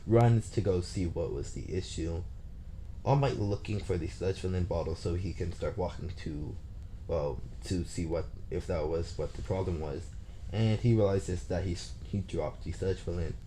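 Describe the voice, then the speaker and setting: Male storyteller, deep and mellow voice, loosely improvising a fan story while working out the plot aloud. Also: moderate pace, a little hiss or hum. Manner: thinking aloud, plotting as he goes. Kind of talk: casual improvised story retelling.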